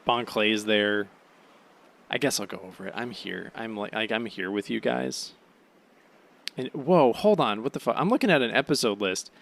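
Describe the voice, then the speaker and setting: A sleepy, yawning man hosting a podcast, rambling through a casual solo recap with lots of "um"s and swearing, now and then bursting into high, excited gushing. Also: normal speed, gravelly. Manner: rambling, offhand, peppered with swearing and "um"s. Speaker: podcast host.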